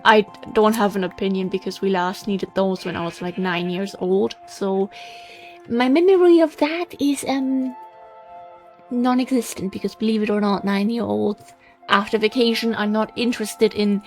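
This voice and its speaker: A woman's voice: mid-range voice, normal speed, soft background music. A young woman hosting a game let's play, chatting and rambling through stories while she plays. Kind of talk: casual gaming commentary.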